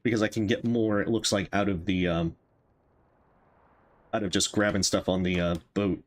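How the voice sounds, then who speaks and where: A man's voice: deep voice, fairly even intonation, moderate pace, long pauses. Man thinking aloud over a game. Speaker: streamer playing a game. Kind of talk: casual gameplay commentary.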